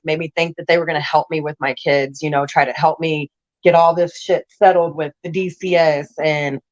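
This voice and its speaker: A woman's voice: low voice, lo-fi sound. A woman telling her life story in a casual interview, blunt and raw, rambling with restarts.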